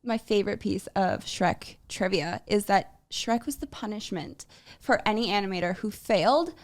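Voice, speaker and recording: A woman's voice: medium pitch, moderate pace. A woman co-hosting a podcast, sharing movie trivia in a chatty, storytelling way. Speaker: podcast co-host. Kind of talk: casual podcast chat.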